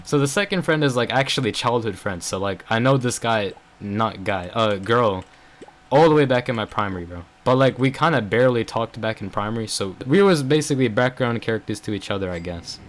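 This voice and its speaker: A man's voice: mid-range voice, expressive, a little fast. A young adult man telling a story in a casual vlog, rambling with lots of fillers and venting his frustration. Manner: rambling, filler-heavy, frequent "bro" and "like". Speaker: vlogger.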